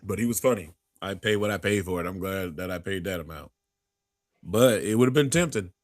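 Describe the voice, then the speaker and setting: A man's voice: deep voice, brisk, no room sound, clean studio sound. A man hosting a podcast in casual chat, rambling through stories and acting out the people in them. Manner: rambling storyteller who acts out quotes, many restarts. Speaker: podcast host.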